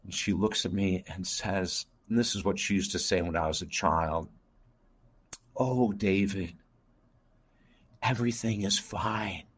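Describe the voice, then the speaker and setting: This is an earnest, intense middle-aged man speaking as a guest on an interview show. His voice sits a little low. He tells an emotional personal story and keeps turning to the host by name. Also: fairly even intonation, moderate pace, hardly any pauses, fairly bright tone. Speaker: guest, life coach.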